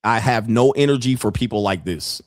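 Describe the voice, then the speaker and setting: Male podcast host, mid-pitched, dry close sound; blunt, profane, mocking rant delivery. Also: moderate pace, no echo. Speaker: podcast host and dating commentator.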